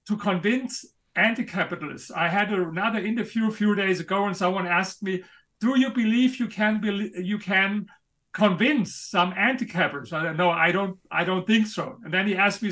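A man with a German accent talks in an interview, emphatic and a little halting. His voice sits high for a man and sounds bright and forceful. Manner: emphatic, a bit halting, non-native grammar. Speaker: author and guest. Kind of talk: interview conversation.

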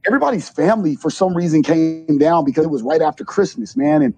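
A middle-aged man, a junior college basketball coach, telling animated stories in an interview and acting out the quotes. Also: a little high, fast talker, creaky, soft background music. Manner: animated storyteller, acts out quotes. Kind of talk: interview storytelling.

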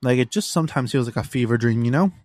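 A man's voice: mid-range voice, fast talker, a little mellow, no room sound. A young man hosting a casual solo podcast, telling stories in an exasperated way and swearing freely, recorded in a room at home. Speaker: podcast host.

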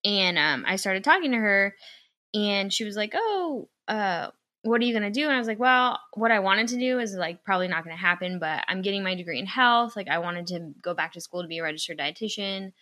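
Young woman, podcast co-host, casual storytelling, animated, bright voice, dry close sound. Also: mid-range voice, a little fast, dry recording. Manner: animated, acts out quoted dialogue, swears when annoyed.

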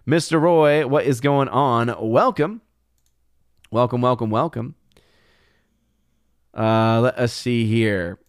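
Guy reading his live chat out loud, smooth clear voice, dry close mic. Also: mid-range voice, takes it slowly, pauses often, dry recording. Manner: reads viewer comments aloud, chatty and amused. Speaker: livestream host reading chat. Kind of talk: casual livestream chat.

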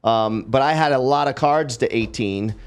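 A middle-aged man hosting a podcast, telling a long story in a lively, casual way and acting out the people in it. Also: medium pitch, moderate pace, smooth. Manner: lively storyteller, acts out quotes, swears freely. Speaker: podcast host.

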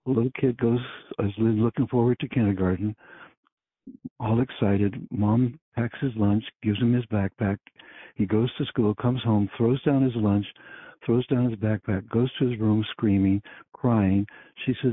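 A man's voice: fairly low pitch, fairly even intonation, a little slow, husky, no room sound. A middle-aged man, an author and teacher, telling stories and acting out dialogue as a podcast guest. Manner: storytelling, acts out dialogue. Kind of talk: casual interview chat. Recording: dry phone-like sound.

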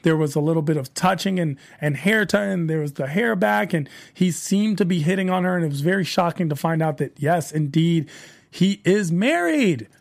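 A man hosts a solo aftershow recap, speaking in a high voice with a gravelly, creaky texture. He retells scenes in a chatty, animated way, slipping into the characters' voices as he quotes them. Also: normal speed. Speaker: podcast host recapping a TV show.

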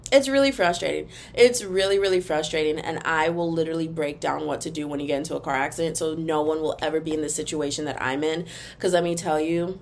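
A woman's voice: deep voice, fast, creaky, a little hiss or hum. A young woman hosting a podcast, ranting casually and animatedly to her listeners. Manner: animated and expressive, sings snippets, talks to listeners as "girl" and "y'all". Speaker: podcast host.

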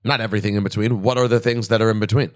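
A man hosting a podcast in casual chat, joking and excitably teasing his co-hosts. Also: lowish voice, no room sound, studio quality. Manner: joking, excitable, quick to tease. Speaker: podcast host. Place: podcast studio.

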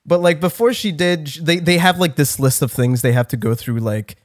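Young guy rambling thru a funny story on a podcast, kinda high voice, swears a lot. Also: brisk. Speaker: podcast co-host. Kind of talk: casual chat.

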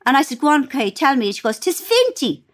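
A woman with an Irish accent chatting as a guest author, telling lively stories and laughing as she talks. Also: high voice, rapid-fire. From Ireland. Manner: animated storyteller, laughs while talking. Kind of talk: casual chat.

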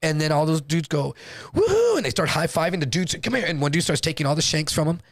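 A man from Texas, a guest comedian, telling a story in an animated, profane, slang-heavy way. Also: fairly high pitch, fast, no echo. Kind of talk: casual storytelling.

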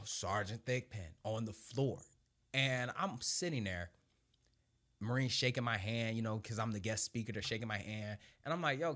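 A young man with a mid-pitched voice telling his story in a lively, unscripted way. He swears easily and laughs often, then softens his voice when he gets reflective. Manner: animated, swears freely, laughs through his stories; drops low and quiet at reflective moments. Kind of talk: casual storytelling.

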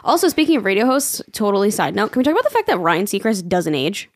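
Lively swearing woman podcast host. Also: medium pitch, fast, no room sound. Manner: swears freely, laughs often, animated. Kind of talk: casual chat, reading listener emails.

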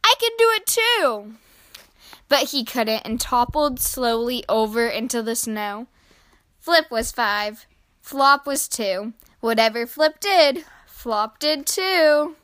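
A woman reads a children's picture book aloud at an unhurried pace, with a bright, slightly high voice. She speaks clearly and gently, as a storytelling host does for small kids. The sound is close and dry. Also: no echo.

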